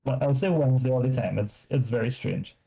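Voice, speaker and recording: A woman in a casual chat speaking slowly and amused. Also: rumbling low, vocal fry, mellow, husky, lo-fi sound. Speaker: stream participant.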